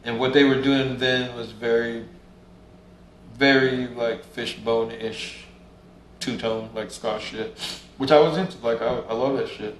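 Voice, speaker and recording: A man's voice: medium pitch, steady tone, a little slow, a little hiss or hum. A man telling stories in a casual interview, laid back, swearing freely and acting out what people said. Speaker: interview guest, musician. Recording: roomy room sound, faint ambience.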